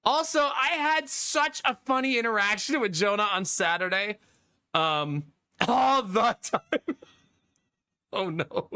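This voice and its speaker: Bright-voiced man chatting to his stream. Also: sits high, unhurried, clean tone. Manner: chatty, laughs often, swears casually. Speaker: live streamer. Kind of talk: casual chat with stream viewers.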